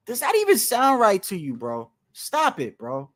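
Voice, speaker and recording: A man's voice: high voice, huge pitch swings, measured pace, fairly bright tone, no echo. Heated, profane man ranting, dry sound. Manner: heated, profane, repeats himself for emphasis. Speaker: boxing commentator. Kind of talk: ranting vlog commentary.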